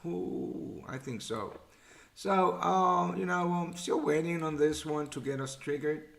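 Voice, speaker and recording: In an echoey room, a man runs a live trading broadcast, talking loosely, thinking out loud, murmuring figures, and swearing from time to time. He speaks slightly slowly with a slightly high voice and noticeable vocal fry.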